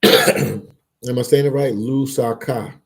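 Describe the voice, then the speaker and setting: A man's voice: mid-range voice, steady tone, slow. A man hosting a casual live stream, reading chat aloud and bantering, repeating words and phrases as he goes. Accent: Philadelphia.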